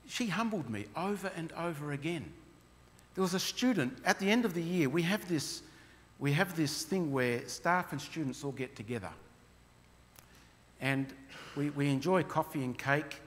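A man's voice: mid-range voice, fairly bright tone. Earnest man in a reverberant hall. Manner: earnest, heartfelt storytelling. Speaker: missionary lecturer presenting to a church. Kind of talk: church mission presentation, storytelling. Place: church hall.

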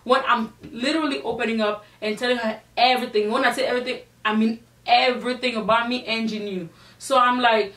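Young woman vlogger, storytime, fairly high voice, echoey room, sitting back from the mic. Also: a little fast, recorded from a distance. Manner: animated, indignant retelling with many fillers. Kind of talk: storytime vlog.

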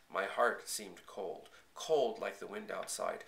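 Man, storybook narration, bright tone, roomy echo, measured and earnest. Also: fairly low pitch, vocal fry. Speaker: audiobook reader. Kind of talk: first-person storybook narration.

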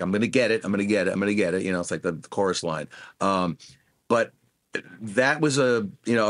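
A man's voice: low voice, no echo, studio quality. A middle-aged man, a guest musician, telling career anecdotes in an interview and acting out what others said. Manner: animated anecdotes, acts out quoted voices. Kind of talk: storytelling interview.

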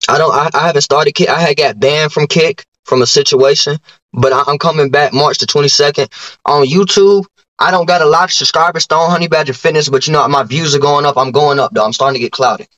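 A man's voice: on the high side, fairly quick, a bit bright. A man on a video call trading boastful trash talk with a rival, often stumbling and restarting his sentences. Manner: boastful, rhyming brags, stammering restarts. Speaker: YouTuber challenging a streamer.

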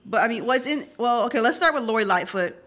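A woman's voice: fairly high pitch, animated, fast, fairly bright tone. A woman co-hosting a podcast in casual chat, outspoken and emphatic. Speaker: podcast co-host.

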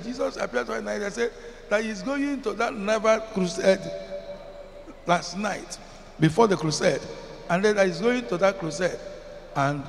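Slight background noise sits under a high-pitched, gravelly male voice with a Nigerian English accent. He preaches as pastor, chanting some lines with emphasis and questioning the congregation, his words echoing with long reverb in a large hall amid faint ambience.

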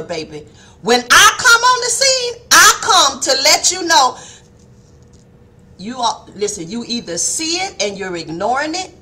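Brief: woman preacher, high bright voice, impassioned, sometimes shouting. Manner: impassioned, preachy, calls listeners baby, rising to shouts; acts out soft and stern quoted voices. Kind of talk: fiery devotional sermon.

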